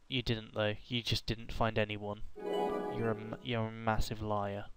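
A man's voice: fairly low pitch, level tone, moderate pace, music in the background, poor audio. A young man giving rambling, joking commentary while playing a game, with random outbursts and hummed tunes. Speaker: gaming YouTuber. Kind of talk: casual gameplay commentary.

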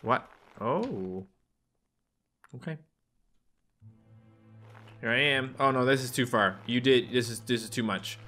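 A young man giving jokey let's play commentary on a video game, now and then leaping into squeaky put-on voices. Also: fairly even intonation, a little fast, hardly any pauses, pushed and bright, soft background music. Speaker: gaming YouTuber.

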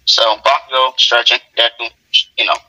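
A man's voice: medium pitch, completely flat delivery, moderate pace, pushed and bright, dry recording, soft background music, poor audio. A young man telling an improvised fan story in a laid-back way, full of "you know".

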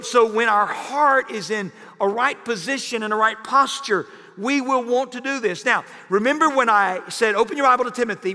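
A male pastor preaching a sermon, jokey and animated, with sudden loud bursts. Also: high-pitched, long reverb tail. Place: church sanctuary.

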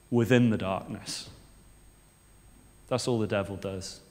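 A male preacher giving a sermon in a conversational way, often putting rhetorical questions to the congregation. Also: a little high. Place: church. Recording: long church reverb.

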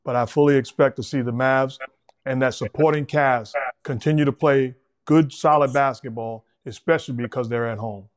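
A middle-aged man hosting a sports talk show, giving measured, emphatic basketball analysis. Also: medium pitch, fairly even intonation. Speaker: host.

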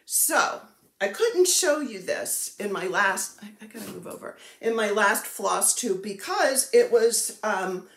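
A woman's voice: medium pitch, lively intonation, a little slow, fairly bright tone, echoey room. A woman vlogging casually about her cross-stitch projects, chatty and self-deprecating, gushing over the supplies she shows. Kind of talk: casual chatty show-and-tell.

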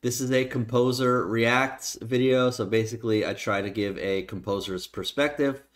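A man who composes, talking casually as he reacts to a song for his channel, relaxed and plain-spoken with some hesitations. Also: medium pitch, normal speed. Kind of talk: casual reaction video talk. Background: faint music.

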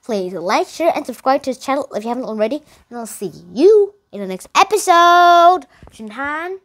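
A woman hosting a book review channel, talking through a story in a loose, rambling way, full of fillers, with sudden high jumps in pitch. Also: big pitch swings, quick pace, dark tone. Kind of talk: casual book review talk.

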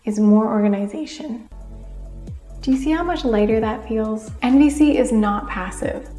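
A woman narrates a lesson in a calm, measured way, slipping into short example lines as she goes. Her voice sits on the higher side. The recording is roomy, with faint music playing underneath. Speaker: teacher of communication skills. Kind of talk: scripted explanatory narration. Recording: echoey room with faint music behind.

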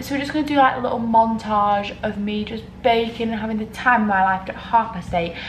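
A woman's voice: mid-range voice, reverberant, background noise. A young woman vlogging in a casual, chatty way, a bit dramatic, talking to camera in her bedroom.

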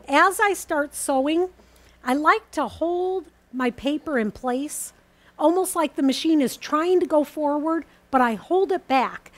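Woman, high pitched, methodical host walking viewers through a sewing demo. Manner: calm, methodical, explains each step as she works. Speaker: quilting teacher. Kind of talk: step-by-step sewing demonstration.

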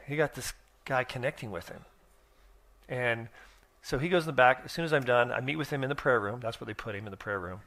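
A man's voice: medium pitch, fairly quick, pushed and bright. A middle-aged man preaching in a church, telling stories in a folksy, rambling way with many restarts and fillers. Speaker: guest speaker. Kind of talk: sermon storytelling.

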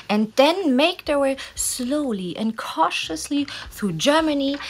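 A woman co-narrating a history documentary in a lively, playful storytelling way. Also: sits high, slight background noise.

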